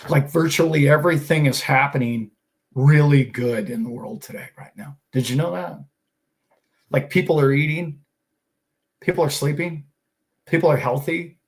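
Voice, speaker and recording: A middle-aged man with a slightly high voice hosts a finance show. He talks in a casual, motivational way and fires off one rhetorical question after another. He sounds enthusiastic and a little preachy. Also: normal speed, pauses often. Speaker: host of a finance and crypto show.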